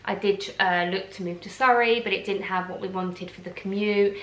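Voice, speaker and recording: A woman's voice: medium pitch, fairly even intonation, normal speed. A woman from Essex with an Essex accent, a blogger ranting to camera in a chatty, indignant way full of fillers. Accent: Essex English. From Essex, England. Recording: roomy echo.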